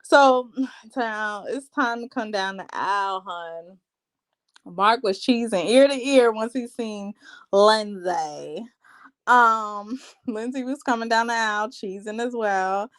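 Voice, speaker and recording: A woman's voice: mid-range voice, slow, smooth. A woman hosting a live reality TV recap, chatting in a sassy, gossipy, slangy way. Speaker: show recap host.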